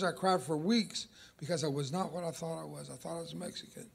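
An older man whose first language is Spanish, preaching an emphatic sermon with dramatic pauses and stretched key words. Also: a little high, fairly even intonation, vocal fry, slightly rough.

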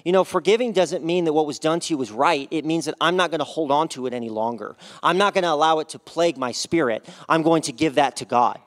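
A man speaks to a congregation in a fairly high voice, telling his own testimony with open passion. He presses his points hard and at times raises his voice to the room, yet it comes from earnestness rather than anger. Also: fast, hardly any pauses, fairly bright tone. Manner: passionate, raising voice to urge the listeners. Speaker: guest speaker sharing testimony. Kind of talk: church testimony. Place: church service before a congregation.

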